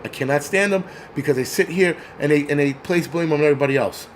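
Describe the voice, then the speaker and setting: A man's voice: on the high side, fast, a little hiss or hum. Angry ranting New man. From New York. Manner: angry, crude, mocks others in put-on voices. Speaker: host. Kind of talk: profane livestream rant.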